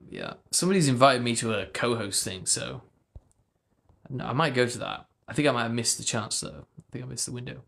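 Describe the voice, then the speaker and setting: A speech coach chats casually on a livestream, loose and full of fillers as he answers viewer comments. His mid-range voice is creaky and a bit bright.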